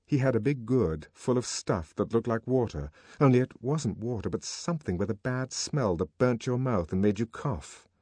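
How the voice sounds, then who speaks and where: A man narrating an audiobook in a measured, expressive storytelling manner, recorded on a close studio mic. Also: mid-range voice, breathy edge, no echo.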